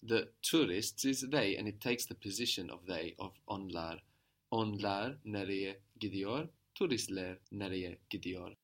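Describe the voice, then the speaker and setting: A man's voice: deep voice, measured pace. A man teaching a language lesson, patiently prompting a student and repeating her answers.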